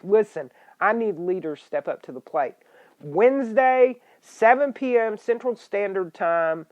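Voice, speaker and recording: A middle-aged woman, hosting a political podcast in an angry, scolding rant with sudden loud outbursts. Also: on the high side. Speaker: podcast host. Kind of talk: ranting political podcast monologue. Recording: dull lo-fi internet radio stream.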